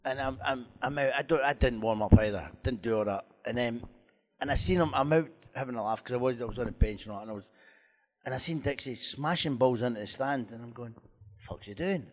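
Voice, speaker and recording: A man's voice: medium pitch, fast talker. A man, a former footballer telling laughing, swearing anecdotes at a live stage Q&A.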